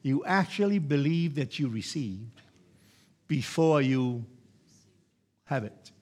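A man preaching a sermon, emphatic and repetitive, building from quiet explanation to loud exhortation. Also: medium pitch, animated, slow pace.

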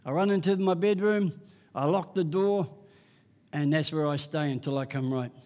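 A man's voice: fairly high pitch, normal speed, darkish tone. A man preaching a sermon. He mixes scripture with homespun personal stories and often chuckles at his own tales. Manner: folksy storytelling, chuckling at himself.

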